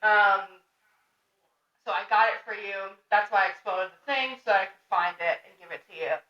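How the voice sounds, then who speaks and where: A young woman co-hosting a podcast, recapping a comic in animated, casual talk, laughing and swearing freely. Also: mid-range voice, moderate pace. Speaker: podcast co-host. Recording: roomy, distant, dull lo-fi sound.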